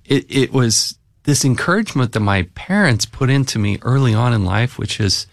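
A man hosting a casual conversation, talking in a relaxed, reflective way. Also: mid-range voice, moderate pace, creaky, dry recording, clean studio sound.

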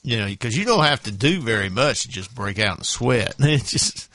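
A man's voice: mid-range voice, expressive, normal speed, sharp tone, dry recording. A man hosting a morning radio show, chatting casually with chuckles and a lot of fillers. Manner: chuckling, rambling, with many fillers. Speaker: radio host.

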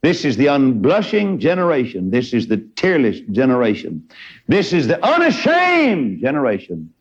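A man's voice: medium pitch, huge pitch swings, moderate pace, slightly rough. A man preaching a sermon in a fervent, folksy way, with sudden rises in his voice. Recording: dull lo-fi recording.

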